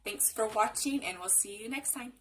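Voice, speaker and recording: Chatty woman telling her story, soft music behind. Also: on the high side, normal speed, recorded from a distance, rough recording. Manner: chatty, retells scenes with quoted dialogue. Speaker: vlogger. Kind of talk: casual storytelling vlog.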